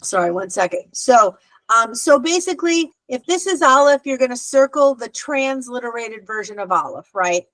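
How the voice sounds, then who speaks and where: A woman's voice: fairly high pitch, expressive, moderate pace, a bit bright, no room sound, rough recording. A woman teaching an adult Hebrew class over a video call, explaining patiently and checking in with "okay" often. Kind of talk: online adult class instruction.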